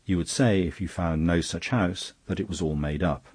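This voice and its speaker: A mild storybook priest, sober and earnest as he reasons things through, as a male reader puts him on. His voice is deep and slightly husky. It is recorded close and dry. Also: moderate pace, darkish tone, no room sound. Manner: sober and reflective, puzzling things out.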